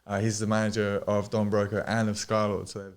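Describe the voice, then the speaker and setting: A man's voice: on the low side, monotone, a little fast, clean tone. Swearing, rambling man telling tour stories. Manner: swears freely, rambling anecdotes with laughs. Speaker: podcast guest DJ. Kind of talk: casual chat.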